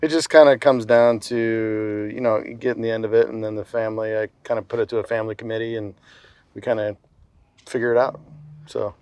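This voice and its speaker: A man's voice: fairly low pitch, steady tone, a little fast, darkish tone, smooth, dry recording. A man who manages a golf resort project, talking plainly in casual chat.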